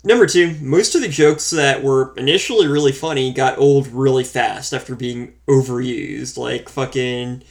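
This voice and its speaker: A man co-hosting a casual movie review chat, relaxed and wry as he counts off his points. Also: mid-range voice, moderate pace, vocal fry, hardly any pauses. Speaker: podcast co-host reviewing a film.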